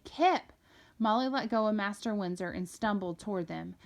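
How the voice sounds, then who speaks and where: A woman reads a novel aloud in a steady, expressive storytelling voice. She carries the narration at an even pitch, neither high nor low. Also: brisk, creaky. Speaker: reader.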